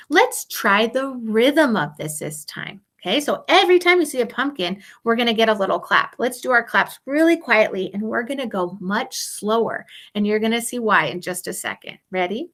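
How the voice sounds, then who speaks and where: A woman teaches a music lesson to young children on video, her voice riding high and swooping up and down with animated expression. She talks in a bright, encouraging sing-song and plays up mock surprise to keep the kids engaged. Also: normal speed.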